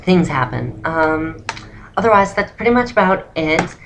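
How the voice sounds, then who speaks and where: A young woman giving a casual spoken voice-training tutorial, relaxed and rambling with lots of ums. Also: sits low, normal speed, a little hiss or hum. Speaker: vlogger teaching voice training.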